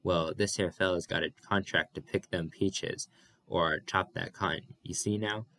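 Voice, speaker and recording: A man's voice: low-pitched, steady tone, measured pace, bright, forceful tone, exaggerated voice. A man voicing a ragged, bitter migrant drifter.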